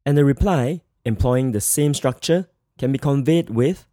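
A man giving a scripted Mandarin grammar lesson, speaking in a measured way and slowly repeating model phrases. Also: mid-range voice, warm tone, no room sound, studio quality. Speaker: Mandarin teacher.

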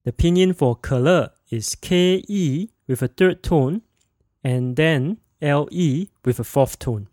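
A man hosting a podcast language lesson, modeling sounds slowly and clearly for listeners to repeat. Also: fairly high pitch, mellow, dry recording, studio quality. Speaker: language teacher and podcast host.

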